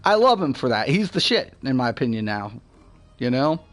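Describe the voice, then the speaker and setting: A man's voice: mid-range voice, sing-song, normal speed. A young man chatting casually while streaming a game, rambling and profane, with laughs between his thoughts. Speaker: gaming streamer. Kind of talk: casual live-stream chat.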